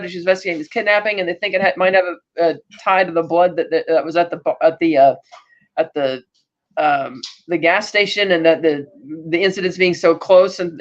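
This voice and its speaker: A man's voice: sits high, dull audio. A man co-hosting a podcast, recapping a TV episode in a rambling, casual way with many restarts. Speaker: podcast co-host.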